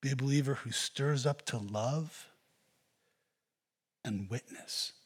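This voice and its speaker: Male pastor, husky voice, earnest exhorting sermon delivery. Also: medium pitch, slow pace.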